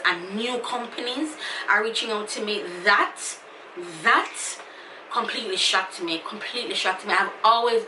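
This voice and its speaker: A woman's voice: mid-range voice, pushed and bright, recorded from a distance, slight background noise. A woman with a Jamaican accent talking to her viewers in a casual, emotional, effusive vlog. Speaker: YouTuber. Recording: echoey room, somewhat off-mic.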